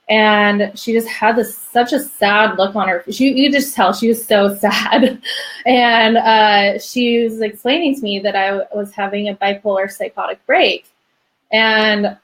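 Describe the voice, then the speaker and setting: A young woman as a podcast guest, telling a personal story in a chatty way, full of "like" and small laughs. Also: on the high side. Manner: chatty, many "like"s, laughs between phrases.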